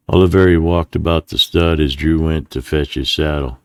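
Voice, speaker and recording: Male narrator, western audiobook reader, very deep voice, dry close sound, steady and deliberate. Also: clear, resonant tone, no room sound.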